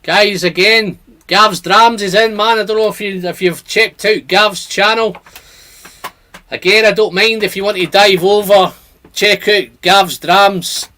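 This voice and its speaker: A man's voice: high-pitched, steady tone, unhurried, pushed and bright. A man hosting a casual whisky livestream, chatting and reading out viewer comments. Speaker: whisky channel host.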